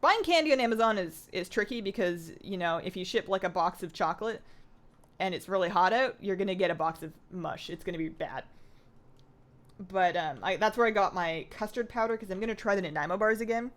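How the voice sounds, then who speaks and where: A woman's voice: mid-range voice, a little fast. A young adult woman from Canada, chatting casually while streaming a game and reading viewer comments aloud. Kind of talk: casual livestream chat while gaming.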